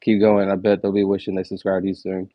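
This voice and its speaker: A young man on a live stream reels off numbers at a quick clip, his voice low and fairly monotone. Between counts he chats casually with viewers, leaning on lots of "like"s. The sound is close and dry, with no room around it. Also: no echo, highs cut off. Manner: rapid, low-key counting broken by chatty asides with many "like"s. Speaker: livestreamer.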